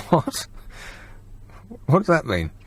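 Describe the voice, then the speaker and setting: Sardonic radio host. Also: male voice, fairly high pitch, sing-song, slow, breathy edge, no room sound. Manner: sardonic, mocking, laughs often. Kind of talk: casual talk radio.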